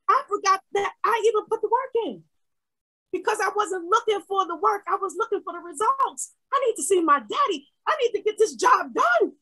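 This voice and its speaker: A woman's voice: very high-pitched, expressive, normal speed, low-quality recording. Fiery woman pastor preaching in bursts. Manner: fervent preaching, swings from shouting to quiet asides. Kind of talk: sermon.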